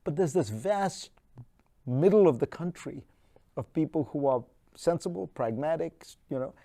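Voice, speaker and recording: A man as featured speaker at an online town hall, answering questions in a measured, thoughtful way with frequent restarts and fillers. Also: a little high, animated, gravelly, warm tone.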